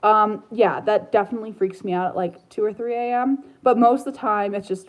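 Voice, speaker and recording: A woman's voice: medium pitch, fairly even intonation, brisk, few pauses, rough recording. A woman chatting casually about her pet parrot, rambling and slipping into baby talk with the bird. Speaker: parrot owner vlogger. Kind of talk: casual chat.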